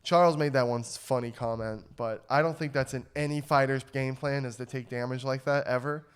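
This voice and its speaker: A man's voice: mid-range voice, fairly even intonation, fairly quick, smooth. A young man co-hosting a podcast in casual chat, fired-up and swearing freely as he rants. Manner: profane, fired-up ranting. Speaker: podcast co-host.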